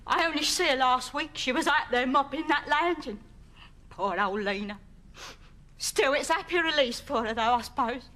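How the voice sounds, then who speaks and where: A woman's voice: high voice, moderate pace, bright, forceful tone. A woman playing a chatty, blunt, gossipy elderly grandmother in a comedy sketch. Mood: wistful. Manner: chatty, dropping sly asides.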